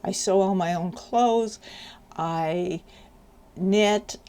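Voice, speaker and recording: A woman's voice: medium pitch, very slow, dark tone, clear, resonant tone. Woman author, book reading, chatty asides, self-deprecating, easygoing. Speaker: author reading her novel.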